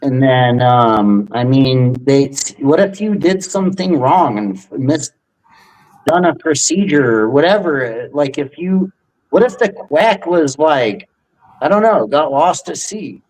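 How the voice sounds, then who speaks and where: A young man hosting a livestream, talking in a rambling, profane, halting way. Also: medium pitch, animated, a little mellow, low-quality recording. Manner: rambling, profane, hesitant restarts. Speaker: stream host. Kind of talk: casual livestream chat.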